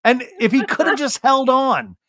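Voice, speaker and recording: A man's voice: very high voice, normal speed, dry recording, clean studio sound. A young man hosting a comedy podcast, recapping a film with camp, mocking humor and quoting scenes in silly voices. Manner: animated, camp, mocking, swears freely. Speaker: podcast host.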